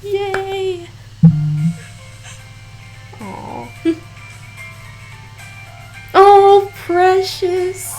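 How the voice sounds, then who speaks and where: A woman hosting an anime reaction video, talking casually in an excitable, rambling way with frequent laughs. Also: extremely high pitch, very slow, pauses often, soft background music. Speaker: anime reaction channel host.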